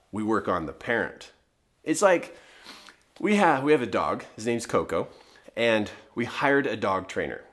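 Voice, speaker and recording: A man's voice: medium pitch, fairly bright tone. A middle-aged man giving an emphatic teaching talk to parents as a parenting coach, driving his points home with rhetorical questions.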